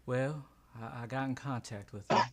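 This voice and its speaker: A man doing a cautious go-between in a tabletop game, delivering news slowly and evenly. He speaks in a plain, mid-pitched voice. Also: heavy background noise, close to an everyday voice. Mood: matter-of-fact. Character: guarded male go-between bringing news.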